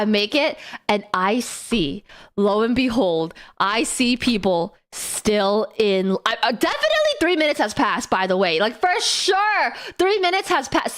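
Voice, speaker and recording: A woman streamer telling a story to her chat in a casual, animated way, swearing a lot and bursting into quick rants and shrieks. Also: on the high side. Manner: animated, exaggerated, lots of swearing; breathless rapid bursts with sudden shrieks.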